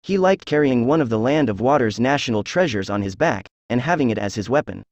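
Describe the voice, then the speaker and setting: A man's voice: mid-range voice, lively intonation, a little fast, no echo, lo-fi sound. Dry-sounding male storyteller. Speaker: narrator. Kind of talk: reading fan fiction aloud.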